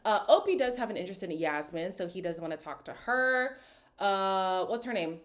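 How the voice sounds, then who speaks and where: A woman talking through a reality dating show in a chatty, opinionated way, with a pitch that sits in the middle range. She speaks casually and directly to her audience and keeps the conversation loose and personal. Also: expressive, moderate pace. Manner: opinionated, chatty, slips into quoted voices. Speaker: reality TV recap host. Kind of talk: casual reaction commentary.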